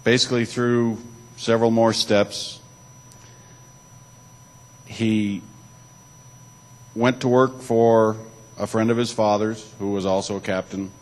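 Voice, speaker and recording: A man's voice: fairly low pitch, little pitch movement, slow pace, pauses often, low-quality recording. A man giving a church talk, alternating between reading aloud and loose spoken asides, with occasional restarts. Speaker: church speaker.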